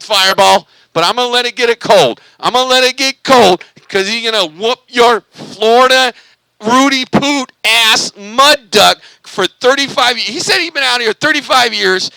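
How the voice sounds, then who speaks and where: A high-pitched, bright and gravelly man whooping and chanting over a CB radio. His voice is recorded dry and close, with a tense, forceful edge. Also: no room sound, poor audio. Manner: hyped, repetitive, cheerleading chants. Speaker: CB radio vlogger. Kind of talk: excited CB radio banter.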